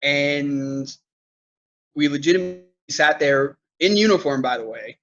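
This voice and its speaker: A man's voice: fairly high pitch, a little slow, fairly bright tone, lo-fi sound. A man who manages a movie theater, guest in a casual interview, talking loosely with lots of fillers. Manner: loose storytelling with many fillers.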